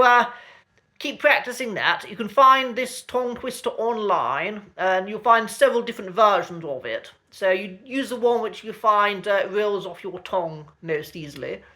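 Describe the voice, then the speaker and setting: A man with a conservative received pronunciation accent, teaching in a chatty, genteel way with frequent ums and careful, slow recitation. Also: sits high, bright, forceful tone. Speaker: accent coach. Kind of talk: casual online lesson.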